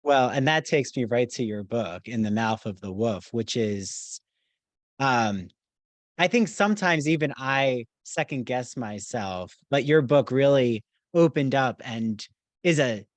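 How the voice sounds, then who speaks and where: A man's voice: medium pitch, lively intonation, unhurried, no echo. A man hosting a podcast interview, asking long questions with many fillers and hedges. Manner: rambling, hedging questions with fillers. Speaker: podcast host.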